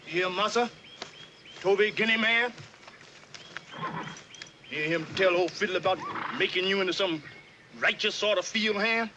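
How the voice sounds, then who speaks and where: A man's voice: sits high, moderate pace, pauses often, dull audio, noisy background, close to an everyday voice. An actor playing an older enslaved man who bossily drills a newcomer, in a heavy Southern dialect drawl. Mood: scolding. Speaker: actor in a film scene.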